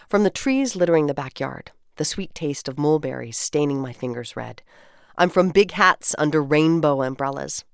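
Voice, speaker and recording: Low-voiced woman radio cohost, upbeat, reads poems out loud, dry close sound. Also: clean tone, dry recording. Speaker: radio co-host. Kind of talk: radio chat and poetry reading.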